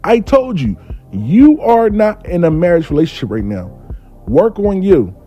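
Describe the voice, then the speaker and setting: A man's voice: high voice, sing-song, unhurried, muffled recording, soft background music. Blunt, cursing man telling a story. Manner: blunt, profane, emphatic. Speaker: relationship reconciliation worker. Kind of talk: casual storytelling monologue.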